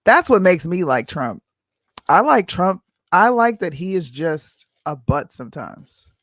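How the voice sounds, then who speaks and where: A man's voice: high voice, big pitch swings, a little slow, fairly bright tone, no echo, studio quality. A man hosting a live stream, chatting casually with an opinionated, laughing manner.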